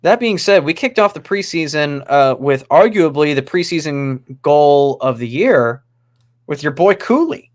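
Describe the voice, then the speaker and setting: A man's voice: fairly high pitch, lively intonation, measured pace. A man hosting a hockey podcast in casual chat, steering topics with a joking tone. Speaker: podcast host.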